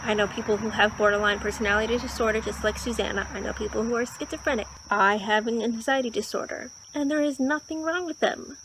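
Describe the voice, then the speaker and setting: A woman's voice: a little high, steady tone, quick pace, hardly any pauses, a bit bright, a little hiss or hum, poor audio. A woman vlogging casually about a book she is reading, earnest and getting worked up as she talks. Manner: earnest, gets worked up when discussing the book. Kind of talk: casual vlog talk to camera.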